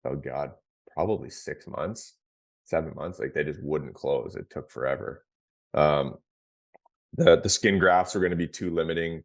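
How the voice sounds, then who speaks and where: A man in his thirties, a former pro athlete on a podcast, telling his story frankly and casually, with lots of fillers and restarts. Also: extremely low pitch. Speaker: podcast guest, former pro hockey player. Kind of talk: candid conversational storytelling.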